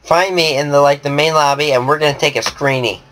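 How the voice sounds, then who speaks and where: A man's voice: a little high, steady tone, a little fast, a bit bright. Offhand, joking sick male gamer. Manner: offhand, joking, bossy with his friend. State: sick, coughing. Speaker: channel host. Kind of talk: casual gaming chat.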